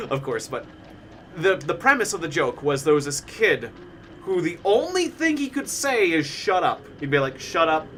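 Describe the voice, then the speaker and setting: A man's voice: sits high, a bit bright, a little hiss or hum. A man chatting casually while streaming a game, rambling with lots of fillers and frequent laughter. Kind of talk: casual live-stream chat while gaming.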